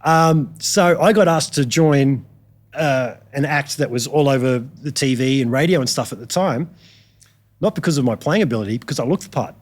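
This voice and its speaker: A man's voice: medium pitch, normal speed. A man with an Australian accent, a guitarist guest telling stories in a casual podcast chat, laid-back and slangy with many ums and restarts.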